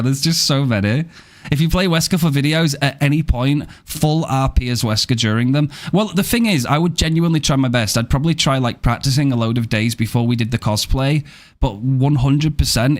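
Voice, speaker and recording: Laid-back British man chatting on stream. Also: mid-range voice. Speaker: game streamer. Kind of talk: casual live-stream chat with viewers.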